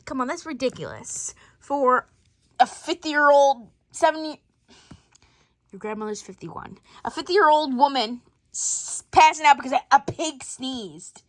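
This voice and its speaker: A storyteller voices a playful family skit, switching among many character voices as she role-plays. Her voice is high and a little slow, captured in a dry, studio-quality recording.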